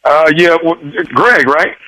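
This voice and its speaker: A man's voice: a little high, slow pace, sharp tone, no echo, voice pushed up. A man playing an awkward, creepy male gynecologist on a prank phone call, stammering and hesitant. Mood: sheepish. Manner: stammering, hesitant, oddly familiar. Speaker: prank caller.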